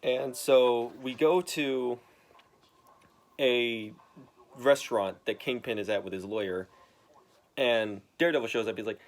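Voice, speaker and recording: A young man casually retelling a comic book story to his father, halting and full of restarts. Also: mid-range voice. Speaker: son explaining a comic to his dad.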